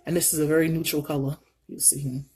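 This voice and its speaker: A middle-aged woman vlogging her makeup routine while telling a story in an animated, folksy way. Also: deep voice, quick pace, husky. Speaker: beauty vlogger. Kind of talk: casual makeup vlog storytelling.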